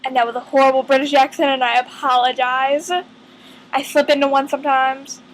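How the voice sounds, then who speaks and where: A woman vlogging in casual fan chat to camera, earnest and rambling, thinking aloud with lots of pauses. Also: high-pitched, little pitch movement, a little hiss or hum, low-quality recording.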